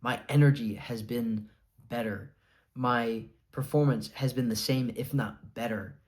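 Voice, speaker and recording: A man's voice: medium pitch, steady tone, measured pace, a little mellow. A young adult man talking casually to camera, rambling with many fillers, earnest and a bit defiant. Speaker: vlogger sharing his diet experience.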